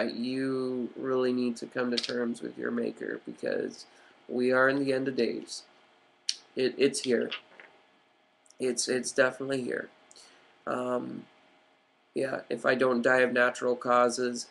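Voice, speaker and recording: A man's voice: medium pitch, creaky. A man ranting on a vlog in an agitated, profane, rambling way with many fillers. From United States. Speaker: vlogger.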